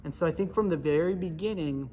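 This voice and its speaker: Man, preacher, sermon, casual storytelling, slightly high voice, long church echo. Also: fast, a little hiss or hum. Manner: conversational, animated storytelling. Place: church sanctuary.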